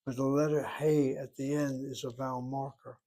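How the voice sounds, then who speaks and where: A man's voice: mid-range voice, level tone, moderate pace, warm tone. An older man giving a methodical Hebrew grammar lecture, explaining each point step by step. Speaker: Hebrew teacher.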